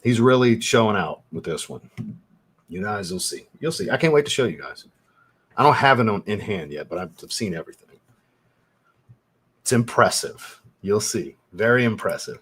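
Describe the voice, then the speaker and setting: A man's voice: fairly low pitch, animated, normal speed, long pauses, fairly bright tone, husky. A man hosting a fragrance livestream, chatting casually with viewers, laid-back, swearing freely and laughing often. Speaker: fragrance reviewer and channel host.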